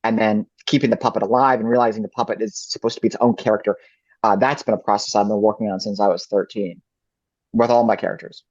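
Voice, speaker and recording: A man's voice: lowish voice, fairly even intonation, fast, a little mellow, dry recording. A man answering interview questions as a ventriloquist guest, reflective and thinking aloud. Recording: dull lo-fi dry recording.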